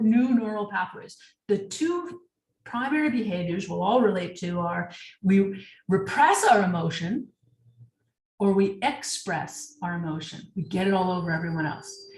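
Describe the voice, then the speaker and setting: A woman coach giving a webinar talk, emphatic and full of rhetorical questions to her audience. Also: medium pitch. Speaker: sales leadership coach. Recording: echoey room, distant mic.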